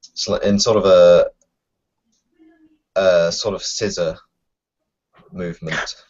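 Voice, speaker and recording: A man's voice: sits low, fairly even intonation, takes it slowly, darkish tone. A man playing a tabletop game, unsure and hesitant, thinking aloud about his moves. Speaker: player. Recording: dull lo-fi home recording.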